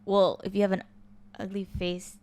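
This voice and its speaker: A woman's voice: mid-range voice, monotone, moderate pace, darkish tone, a little hiss or hum. A woman chatting as a podcast guest, giggly and playful. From Hacienda Heights, California. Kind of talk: casual chat.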